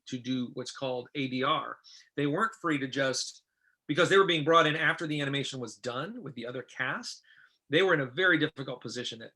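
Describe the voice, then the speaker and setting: Middle-aged guy telling stories in an interview, bright punchy voice, acts out everyone's lines. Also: mid-range voice, husky. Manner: animated, quotes others in lively voices. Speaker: interview guest, film director. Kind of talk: casual anecdotal storytelling.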